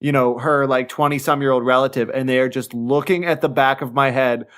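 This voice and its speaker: A young adult man hosting a podcast, telling a story in a casual, animated way with plenty of swearing and laughter. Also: medium pitch, a little fast. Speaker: podcast host.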